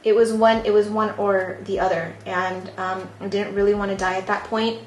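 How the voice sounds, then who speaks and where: A woman's voice: medium pitch, moderate pace, a little hiss or hum. Tipsy young woman telling a story animatedly. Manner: animated, filler-heavy "like" storytelling. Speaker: plant vlogger. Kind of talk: casual storytelling. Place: room at home while repotting plants. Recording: echoey room with background music.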